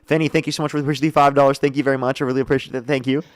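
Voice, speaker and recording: A man's voice: medium pitch, flat delivery, no room sound, clean studio sound. A man hosting a live online debate stream, reading out donations and pressing his guest with mocking questions. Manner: mocking, rapid-fire, laughs at opponent. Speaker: livestream debate host. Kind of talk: heated live debate and donation shout-outs.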